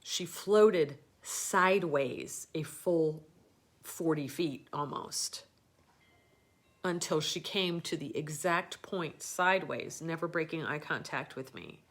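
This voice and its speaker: Middle-aged female host with a low voice; loose, rambling storyteller. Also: takes it slowly. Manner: rambling, with many fillers and restarts. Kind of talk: casual storytelling on a live show.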